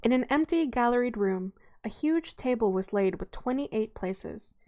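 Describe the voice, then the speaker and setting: A woman's voice: on the high side, animated, a little slow, darkish tone. A young adult woman reading a novel aloud in an informal way, often stumbling and correcting herself.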